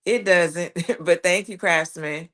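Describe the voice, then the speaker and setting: A woman's voice: on the low side, a bit bright. A woman hosting a live stream, reading viewer comments aloud and answering them in a chatty, casual way. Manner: chatty, reads comments aloud with quick reactions. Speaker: livestream host reading chat.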